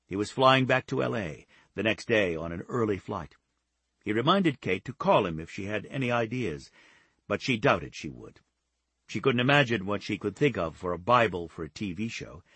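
Low, husky male audiobook narrator. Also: very animated, normal speed, a bit bright, no room sound. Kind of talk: scripted narration.

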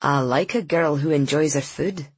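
A man's voice: a little high, moderate pace, breathy edge, no echo. A woman voicing a friendly, kind old pub landlord.

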